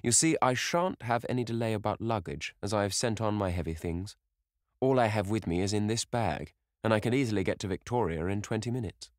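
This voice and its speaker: An earnest painter speaks gravely in a very low, deep voice, pressing a worried friend, played by a man. His manner is serious and measured. The recording is dry and close. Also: no room sound, close to an everyday voice. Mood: friendly.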